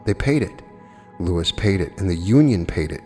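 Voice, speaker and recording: Low, expressive and a little mellow, this man's voice moves at a normal speed through a plainspoken lecture. He makes his case with rhetorical questions and responds to audience questions, captured on an old archive recording with long hall reverb and faint music.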